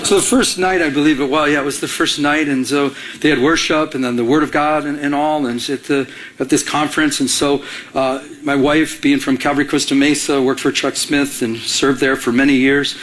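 A man's voice: on the high side, steady tone, brisk, a bit bright. A middle-aged man from Michigan preaching a sermon, telling a personal story in a conversational way and acting out the dialogue. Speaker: pastor.

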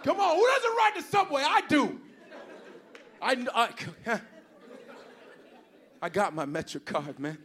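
Loud ranting stand-up comic man. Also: very high voice, huge pitch swings, slow pace, pauses often, a faint crowd, a little hiss or hum. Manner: loud, shouting rants. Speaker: stand-up comedian. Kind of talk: stand-up comedy set.

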